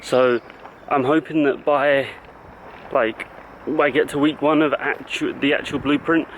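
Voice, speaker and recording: A man's voice: medium pitch, fairly even intonation, unhurried, slight background noise, poor audio. A man who coaches fitness, talking casually to the camera in a vlog and explaining things in loose, stop-start phrases.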